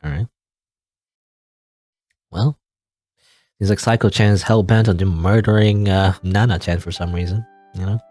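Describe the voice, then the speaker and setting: A man's voice: on the low side, steady tone, unhurried, long pauses, a little mellow. A young adult man hosting a let's play, giving casual, rambling commentary on a visual novel. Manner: rambling, filler-heavy.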